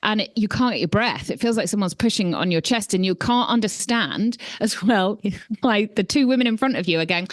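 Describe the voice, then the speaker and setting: A woman in her forties co-hosts a podcast, chatting casually, telling stories and laughing often. Her voice is on the high side, animated and fairly quick, with no echo.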